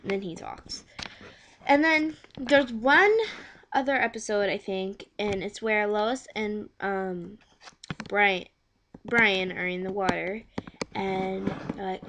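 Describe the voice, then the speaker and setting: A woman's voice: mid-range voice, steady tone, takes it slowly, a bit bright, a little hiss or hum. A woman chatting casually to camera, rambling with many fillers and repeated words. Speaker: vlogger. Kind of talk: casual home video chat.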